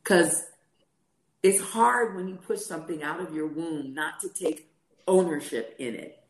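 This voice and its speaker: Low-voiced woman telling a story, roomy echo. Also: measured pace, slight background noise. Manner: storytelling, acts out quoted dialogue. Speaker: podcast co-host. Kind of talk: personal testimony in casual chat.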